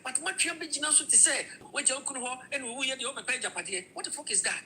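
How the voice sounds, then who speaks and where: Woman, Ghanaian accent, heated rant, swearing, Twi-English mix, very bright tone, faint noise. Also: high voice, expressive, fast, poor audio. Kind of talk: opinion rant to camera.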